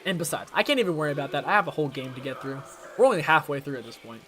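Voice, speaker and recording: Chatty young man, bright and rambling. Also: fairly high pitch, animated, very fast, soft background music. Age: young adult. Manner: chatty, self-deprecating, jumps between topics. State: strained throat. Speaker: gaming challenge streamer. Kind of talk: rambling gameplay commentary.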